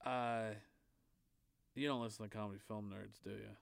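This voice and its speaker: Casual male podcast co-host, smooth clear voice, dry close sound, rambling delivery. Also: on the low side, fairly even intonation, moderate pace, no echo. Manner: loose and rambling, heavy on fillers.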